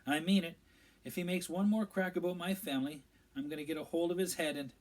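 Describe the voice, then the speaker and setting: A man's voice: medium pitch, brisk, breathy edge, lightly acted. Ron, a man doing a blunt, hot-tempered teen boy. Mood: irritable.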